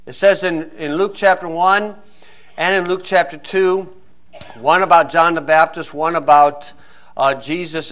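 A man's voice: a little high, fairly even intonation, a little slow, a bit bright. A middle-aged man preaching a sermon, blunt and scornful, firing off rhetorical questions.

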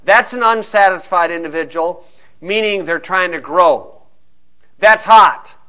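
A man preaching a sermon, telling a lively story and acting out quick asides from other people. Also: high voice. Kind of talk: sermon with a sports illustration.

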